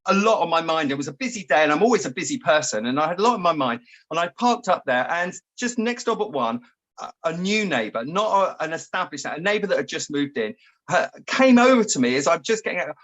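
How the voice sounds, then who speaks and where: A man co-hosting a relaxed chat. He tells stories in a rambling way and gets animated when he acts out what he said. His voice sits a little high for a man. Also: quick pace. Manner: chatty storyteller, animated when acting out his own outbursts. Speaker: co-host. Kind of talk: casual chat.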